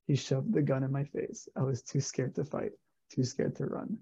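A man co-hosting a livestream, reading a story aloud in a low-key, gravelly way and chatting casually. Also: steady tone, moderate pace, dark tone, highs cut off.

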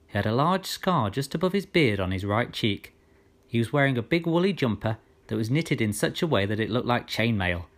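A man reads a storybook aloud in the first person. His voice sits at a middling pitch, and he tells the tale at an even storytelling pace. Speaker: narrator. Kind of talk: storybook narration.

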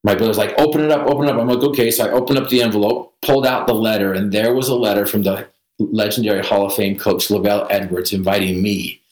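Guest storyteller: a man with a slightly low voice, wry and vivid, recorded in a reverberant room. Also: little pitch movement, quick pace. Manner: vivid storyteller with self-deprecating humor. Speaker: podcast guest. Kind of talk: personal storytelling in an interview.

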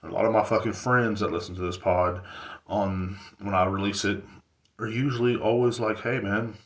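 Male podcast host, lowish voice, loose profane rambling delivery, roomy echo. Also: fairly even intonation, moderate pace. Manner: rambling, profane, filler-heavy. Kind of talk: casual solo podcast rant.

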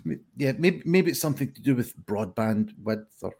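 A man's voice: medium pitch, animated, moderate pace, vocal fry, darkish tone, husky. Rambling man hosting a pun show. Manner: chatty and rambling, with frequent ums. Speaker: game show host. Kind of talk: hosting a live-streamed pun contest.

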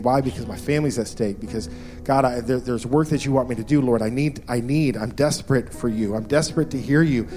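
A man's voice: mid-range voice, fairly quick, mellow, soft background music. A man in his thirties preaching a sermon as pastor, earnest and repeating key phrases for emphasis.

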